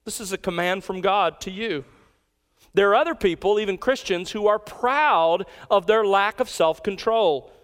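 A male pastor delivers a sermon in a fairly high, clear and resonant voice. He is emphatic and slows down to repeat his key lines. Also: fairly bright tone.

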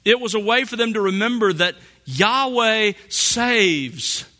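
A man preaching a sermon, slow and deliberate, drawing out key phrases for emphasis. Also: sits high, animated, bright, forceful tone. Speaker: pastor.

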